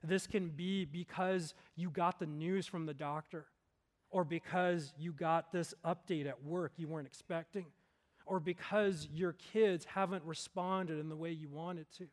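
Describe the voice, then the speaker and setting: A man preaching a sermon as a pastor, earnest, swelling to emphatic peaks and then dropping low and slow for solemn points. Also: steady tone.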